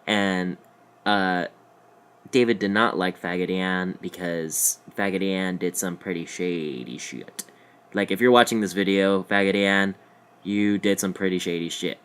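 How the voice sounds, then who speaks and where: A man's voice: sits low, unhurried, fairly bright tone, clean tone. A young adult man vlogging, telling a comic story in a loose, rambling, jokey way with slangy asides.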